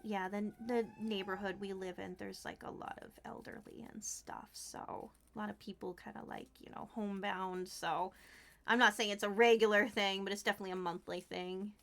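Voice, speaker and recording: A woman's voice: medium pitch, fairly even intonation, moderate pace, gravelly, a bit bright. A young woman streaming as she crafts, chatting to her viewers in a gushing, giggly way. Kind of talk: casual crafting livestream chat.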